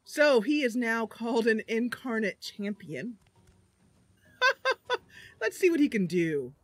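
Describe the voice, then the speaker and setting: A woman's voice: fairly high pitch, very animated, slow pace, dry recording. A woman streaming a roleplay game, chatting casually and laughing often.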